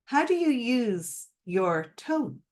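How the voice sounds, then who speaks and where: A woman's voice: a little high, sing-song, slow, darkish tone. A middle-aged woman giving a live-streamed masterclass as a coach, speaking expressively and emphatically and asking the viewers direct questions. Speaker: mindset coach.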